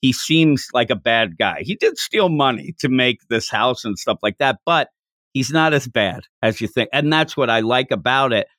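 Animated man chatting about comics. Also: medium pitch, moderate pace, no room sound, clean studio sound. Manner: animated, laughs often, acts out quoted lines in a raised voice. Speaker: podcast co-host. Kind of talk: casual chat reviewing manga.

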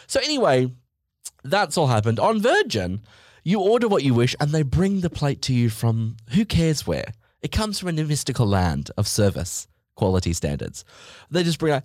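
A man's voice: mid-range voice, big pitch swings, moderate pace, no room sound, clean studio sound. A man hosting a podcast, telling a comedic story in a sweary, mock-outraged way.

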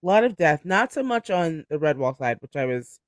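A man's voice: on the high side, very animated, a little fast, no room sound, clean studio sound. A man hosting a book club podcast, chatting casually, laughing often and filling his speech with "like". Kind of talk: casual chat.

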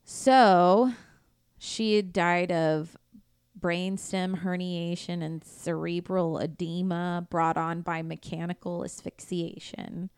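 A woman hosts a true crime podcast, walking through a case at an unhurried pace. Her voice sits fairly low and is very clean and smooth. She talks bluntly and swears freely, and the recording is close and dry with no room sound. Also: fairly even intonation, a little mellow, dry recording. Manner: blunt, profane, conversational retelling. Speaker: podcast host. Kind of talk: casual true crime storytelling.

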